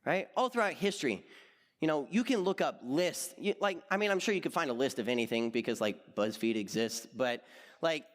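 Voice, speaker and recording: A man's voice: medium pitch, animated, a little fast, in a large hall. A man in his twenties giving a casual youth sermon as associate youth pastor, telling stories animatedly with lots of fillers.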